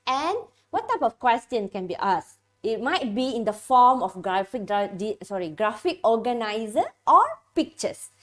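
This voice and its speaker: A woman's voice: a little high, very animated, a little slow, fairly bright tone. A female English teacher from Malaysia gives an exam-prep lesson and checks in with "okay" and "right".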